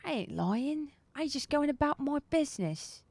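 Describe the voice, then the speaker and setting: A woman's voice: medium pitch, normal speed, a crowd in the background, voice pushed up, natural voice. A woman voicing a nervous, shifty male satyr hired hand in a tabletop game, talking in slangy, pleading rambles. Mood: defensive. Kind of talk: tabletop role-play.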